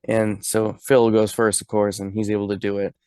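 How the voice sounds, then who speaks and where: A man's voice: on the low side, level tone, moderate pace, a little mellow, clean tone, dry recording. A man co-hosting a podcast who laughs often while retelling movie scenes and acting out the lines. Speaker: podcast co-host. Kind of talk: casual movie recap chat.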